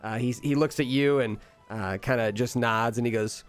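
A male game master narrating a tabletop game in an easygoing, mid-pitched voice. He drifts along with fillers and laughs easily. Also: fairly even intonation, normal speed, smooth, soft background music.

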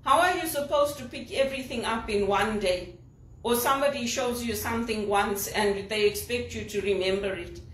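Woman from Zimbabwe, executive assistant, venting emphatically; slightly high voice, picked up from across a room. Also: normal speed, fairly bright tone. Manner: indignant, emphatic complaining. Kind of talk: personal vlog monologue. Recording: roomy, distant from the mic.

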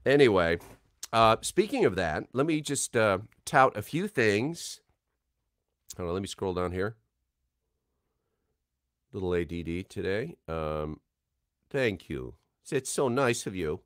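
Man, lowish smooth voice, dry close sound, rambling casual stream-host patter full of fillers. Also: sing-song, takes it slowly, pauses often, fairly bright tone, dry recording. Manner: chatty, filler-heavy, reading names and comments from chat. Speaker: voice actor hosting a livestream signing. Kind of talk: casual livestream chat.

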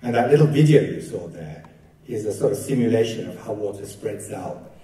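Recorded from a distance in a reverberant hall, a man delivers a keynote lecture full of anecdotes, chatty and gently funny. He speaks a bit fast in a low, mellow, expressive voice.

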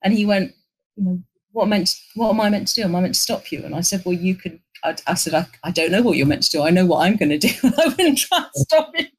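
A middle-aged woman, telling an animated work anecdote in an interview and acting out the lines of the people in it. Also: fairly low pitch, fast talker, breathy edge, low-quality recording. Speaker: interview guest, agency executive. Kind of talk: conversational storytelling.

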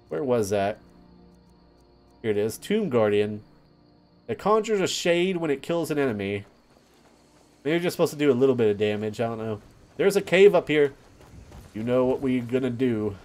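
A young man hosting a let's play, giving casual gameplay commentary and getting easily excited, yelping and laughing at surprises. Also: medium pitch, moderate pace, pauses often, faint music behind.

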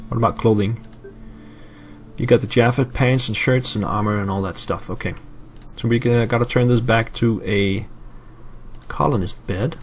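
A man's voice: lowish voice, slight background noise. A man from Europe casually commenting on his gameplay, thinking aloud with fillers and answering live chat. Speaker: let's play host.

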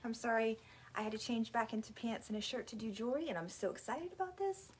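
A woman's voice: fairly high pitch, expressive, fast, slightly rough. A woman hosting a casual live boutique sale, bubbly and chatty, a little out of breath. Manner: bubbly, chatty, apologetic asides.

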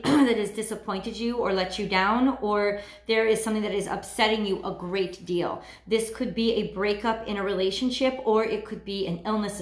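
Woman reading tarot cards, kinda halting, stops a lot to find words, echoey room. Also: medium pitch. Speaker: tarot reader.

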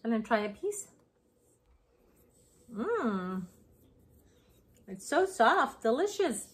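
Slow, gushing woman vlogger. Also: fairly high pitch. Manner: gushing, excited, slow-paced. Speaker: craft vlogger. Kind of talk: casual vlog chat.

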